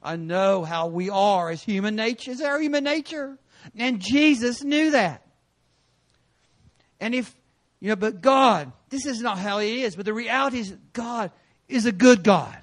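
High-voiced animated male preacher. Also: a little slow. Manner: animated storytelling with sudden loud and quiet turns. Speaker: guest preacher. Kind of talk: sermon. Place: church sanctuary.

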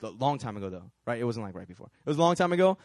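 A man preaching through a personal story, animated, with lots of repeated fillers and laughter. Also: medium pitch, very fast, no room sound. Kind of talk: storytelling sermon.

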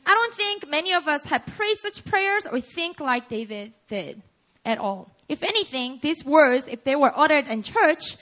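A woman's voice: high voice, big pitch swings, normal speed, a bit bright. A young woman pastor preaching a sermon, playful, laughing and putting questions to her congregation. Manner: asks the audience questions.

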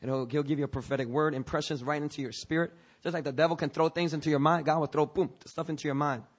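A man's voice: a little high, fairly even intonation, fast talker, slightly rough. A man preaching a sermon in a loose, conversational way, joking with asides, restarting phrases and coughing now and then. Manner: jokey and informal, frequent restarts and asides. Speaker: pastor.

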